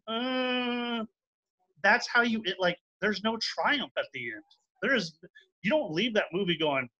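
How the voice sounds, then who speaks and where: Young man, heated geek debater, bright edgy tone, rants and swears. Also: high-pitched, lively intonation, moderate pace, lo-fi sound. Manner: ranting, swears, mocks with acted quotes. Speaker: debater defending a film.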